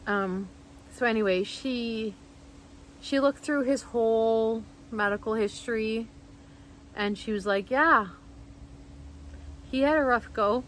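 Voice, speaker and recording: A woman's voice: a little high, takes it slowly, pauses often, fairly bright tone, slight background noise, poor audio. A woman vlogger telling a personal story straight to camera, rambling and heartfelt, full of "like" and restarts.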